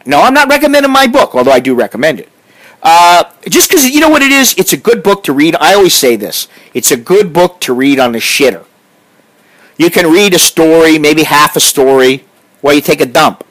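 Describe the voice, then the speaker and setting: Man, middle-aged, from the US, combative profane rant, very animated pitch. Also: brisk, poor audio. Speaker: vlogger. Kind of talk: profane ranting monologue.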